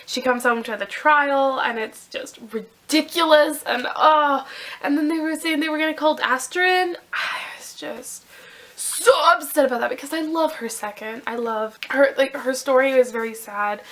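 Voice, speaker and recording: A young woman gushing through a casual book review vlog, excitable and rambling, with many restarts. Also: sits high, normal speed.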